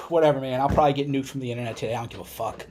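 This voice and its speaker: A man ranting as a political commentator, swearing and heated, swinging between loud outbursts and low muttered asides. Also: racing, slight background noise. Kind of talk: angry livestream rant.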